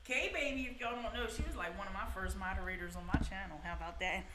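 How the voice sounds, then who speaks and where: A woman's voice: mid-range voice, fast talker, echoey room, background noise. Profane, blunt woman hosting a livestream. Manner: blunt, profane, chatty, greets viewers by name. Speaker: livestream host. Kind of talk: casual live-stream commentary.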